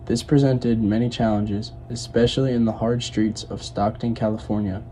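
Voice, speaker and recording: A man reading a documentary narration in a steady, read-aloud way. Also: lowish voice, normal speed, a little hiss or hum. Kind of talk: scripted narration.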